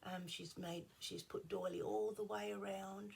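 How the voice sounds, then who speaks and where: A middle-aged woman chatting casually at her craft table at home, rambling and drifting into soft asides, a little unwell. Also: medium pitch, fairly even intonation, unhurried, gravelly, husky. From Australia. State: slightly unwell. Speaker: craft vlogger. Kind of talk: casual show-and-tell chat.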